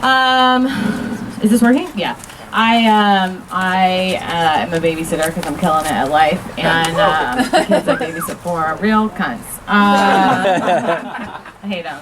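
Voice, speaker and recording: A woman's voice: fairly low pitch, unhurried, background noise. A woman in her thirties doing a stand-up set on a backyard stage, self-deprecating and crude, laughing through her own lines. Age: 30s. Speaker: stand-up comedian. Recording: crowd audible. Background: laughing crowd.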